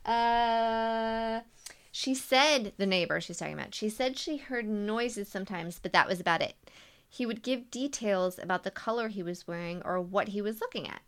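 A woman's voice: mid-range voice, normal speed, clear, resonant tone. A woman co-hosting a podcast, reading listener stories aloud with jokey asides and frequent laughs. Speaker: podcast co-host. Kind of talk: casual podcast chat.

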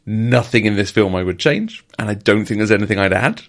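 A man's voice: fairly low pitch, lively intonation, brisk, vocal fry, fairly bright tone. A man co-hosting a podcast in casual chat, enthusiastic, often repeating words and laughing. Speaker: podcast co-host.

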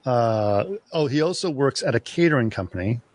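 A man co-hosting a podcast, talking casually and haltingly, often losing his thread. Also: mid-range voice, animated, darkish tone, no room sound. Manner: halting, loses his place, chuckles through stories. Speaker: podcast co-host. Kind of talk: casual chat.

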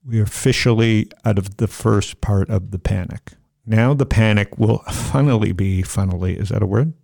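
A middle-aged male podcast host with a gravelly edge and a fairly low voice. He rambles cheerfully, cracks self-mocking jokes and wanders off topic in loose, casual chat. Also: normal speed, dark tone.

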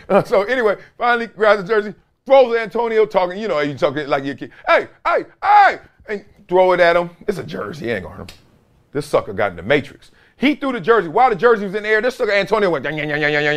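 A man in his forties hosts a casual sports talk show, his fairly high voice swooping through a very lively range. He tells stories in an emphatic, slangy way and breaks into laughter often. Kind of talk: casual sports commentary with storytelling.

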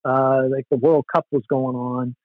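A man casually telling an animated, loose, swearing story about touring as a musician. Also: mid-range voice, moderate pace, dry recording. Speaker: musician guest. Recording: dull, lo-fi sound.

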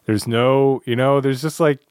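A man hosting a podcast, chatting in a loose, halting way with frequent restarts. His voice sits at an average pitch. The sound is dry and close, with no room echo. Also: smooth. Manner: relaxed, halting, repeats words. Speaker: podcast host. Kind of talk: casual podcast chat.

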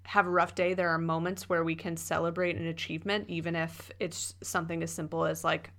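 A woman with a slightly low voice co-hosts a casual podcast. She talks in an easy, conversational way and fills her pauses with ums and likes. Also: flat delivery, fairly bright tone. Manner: conversational, with frequent fillers. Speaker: podcast co-host. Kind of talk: casual chat.

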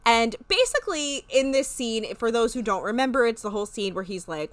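A woman in casual chat, recapping a reality show with animated retellings and free swearing. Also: a little high, fairly quick, no echo. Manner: animated, swears freely, acts out quoted lines. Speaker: podcast co-host.

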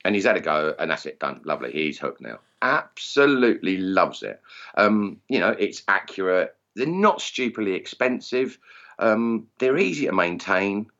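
Lively-voiced man, chatty and low. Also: normal speed, dull audio. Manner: chatty, storytelling, animated voices for anecdotes. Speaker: guest, airgun competition organiser. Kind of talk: casual podcast chat.

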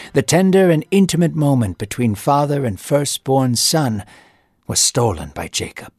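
A male narrator tells a scriptural story in a measured, dramatic storytelling voice at a middle pitch. Soft music plays faintly underneath him.

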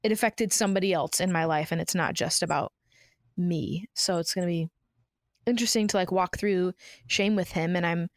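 A mother co-hosting a podcast, speaking casually and telling everyday stories with a relaxed, chatty manner. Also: lowish voice, normal speed, dry recording, clean studio sound. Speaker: podcast co-host.

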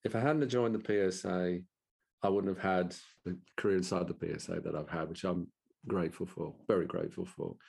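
An older man with a Birmingham and Black Country accent, a guest telling stories in a casual interview in an animated way, repeating his words. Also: a little fast, gravelly, breathy edge. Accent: Birmingham and Black Country English. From English Midlands. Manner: animated, repeats words, jumps up in pitch for quoted voices. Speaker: guest, professional speaker.

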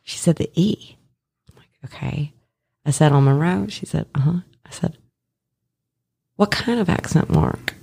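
A woman, a former labor and delivery nurse, telling stories in casual chat, profane and animated, acting out other people's voices and laughing often. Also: low voice, unhurried, creaky, long pauses, slightly rough.

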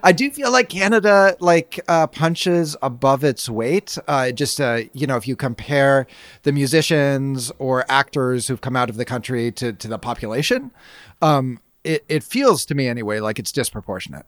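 A man's voice: mid-range voice, expressive, normal speed, fairly bright tone, dry recording, clean studio sound. A man co-hosting a podcast in casual chat, wry and playfully complaining. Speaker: podcast co-host.

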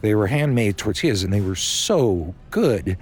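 Man doing a desperate young guy, pleading, husky, lively pitch. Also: moderate pace. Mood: urgent. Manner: pleading, pushy. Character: frantic young man obsessed with tortillas.

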